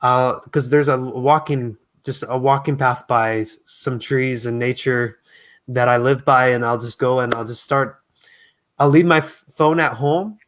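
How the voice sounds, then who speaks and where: A man speaking as a guest in a casual interview, talking in an earnest, reflective, soft-spoken way. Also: mid-range voice, steady tone, unhurried. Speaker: guest singer.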